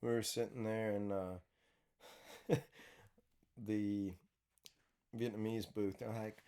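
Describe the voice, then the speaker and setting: A young man chatting over breakfast on a podcast, spinning stories with plenty of laughter. He talks in a loose, relaxed way, often restarting his sentences as he goes. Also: fairly low pitch, slow, smooth. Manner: animated storyteller, laughs a lot, restarts often. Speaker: podcast host. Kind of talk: casual breakfast chat and storytelling.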